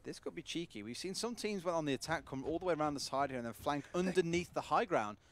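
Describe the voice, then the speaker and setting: Fast-talking high-voiced male esports analyst. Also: lively intonation, a bit bright. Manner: rapid, chatty analysis with jokes. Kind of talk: live color commentary.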